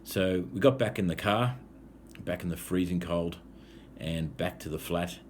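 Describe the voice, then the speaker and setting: A man's voice: deep voice, a little slow, a little hiss or hum. An Australian man, an English teacher, telling a true travel story to learners in an easygoing way with frequent filler sounds. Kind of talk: casual storytelling for language learners.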